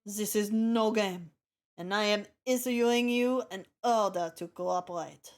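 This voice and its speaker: A woman's voice: medium pitch, lightly acted. A woman voicing a stern, commanding noblewoman who gives orders, while reading a game aloud. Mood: imperious. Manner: slow, imperious and curt.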